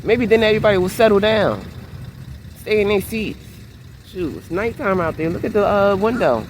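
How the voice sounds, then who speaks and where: Here the same beachside minivan setting holds a woman vlogger with a medium-pitched voice at normal speed, over a faint hiss or hum. She chats through a casual storytime, lively and exclamatory.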